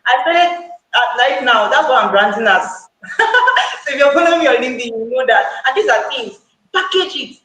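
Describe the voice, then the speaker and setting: A woman speaking excitedly on a live call, sharing a testimonial, repeating her points for emphasis and laughing often. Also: high-pitched, fairly quick. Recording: echoey room with faint background noise.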